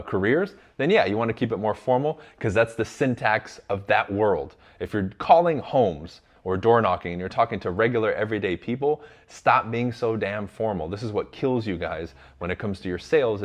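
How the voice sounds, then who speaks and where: A man's voice: lowish voice, animated, moderate pace. Blunt, emphatic male sales coach. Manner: blunt and emphatic, addresses the audience as "you guys"; drops into casual swearing. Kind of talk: direct motivational instruction.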